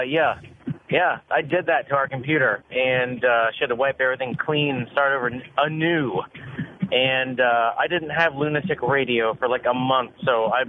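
A drunk man calling into a radio show, rambling and halting, with lots of fillers. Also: medium pitch. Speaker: caller. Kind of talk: casual phone call to a radio show. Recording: tinny phone line with hiss.

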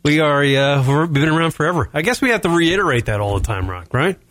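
A man co-hosting a comedy talk podcast, telling stories in a profane, animated way with lots of fillers. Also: a little high, fast, a little hiss or hum. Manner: animated, swears constantly, frequent fillers. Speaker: podcast co-host.

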